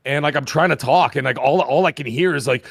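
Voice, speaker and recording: A man in his fifties, hoarse from a lost voice, telling a rambling, animated story as a podcast co-host. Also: a little high, quick pace, dry recording, clean studio sound. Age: 50s. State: hoarse, recovering voice. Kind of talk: casual chat.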